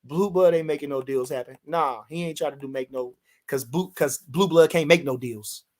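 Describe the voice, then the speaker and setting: A man's voice: on the high side, normal speed, a little mellow. A man, reading chat comments on a livestream and reacting in a brash, profane way that repeats points for emphasis.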